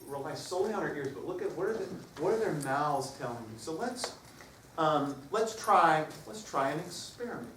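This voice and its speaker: A man's voice: a little high, background noise. A man leading a choir workshop, coaching singers in an upbeat, joking way. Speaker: choral workshop clinician. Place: large reverberant hall with piano. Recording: echoey hall recorded from far off.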